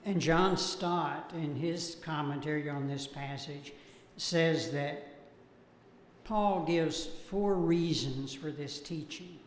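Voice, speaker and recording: In a church auditorium, a man with a slightly higher voice teaches a Bible class, slow and deliberate, citing verses as he goes. The hall is echoey, with faint room noise, and he never hurries.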